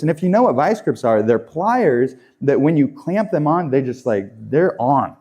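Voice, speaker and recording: A man's voice: a little high, big pitch swings, normal speed, few pauses, a little mellow. A man preaching a sermon in a conversational way, often repeating and restarting his phrases. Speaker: pastor.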